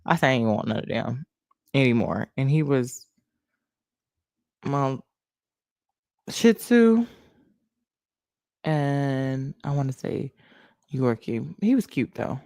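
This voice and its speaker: A young adult woman hosting a casual livestream, animated and laughing as she thanks viewers by name. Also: rumbling low, takes it slowly, pauses often, no echo, clean studio sound. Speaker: livestream host.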